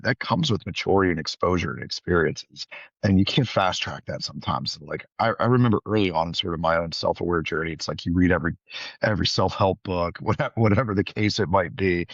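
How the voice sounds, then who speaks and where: A very deep, gravelly male voice talks in a reflective, unhurried way, often circling back to restart a thought. The sound is close and dry. The audio is dull and muffled, lo-fi. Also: no echo. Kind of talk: conversational interview.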